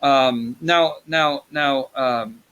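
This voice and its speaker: A man's voice: mid-range voice, drawn-out words, a bit bright, clean tone, dull audio. Rambling male psychology lecturer. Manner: rambling, conversational, many fillers and restarts. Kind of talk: recorded classroom lecture.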